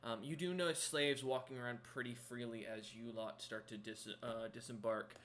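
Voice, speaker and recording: A man's voice: medium pitch, steady tone, normal speed, fairly bright tone, a little hiss or hum. A man narrating as game master of a tabletop role-playing game, rambling with many ums and self-corrections.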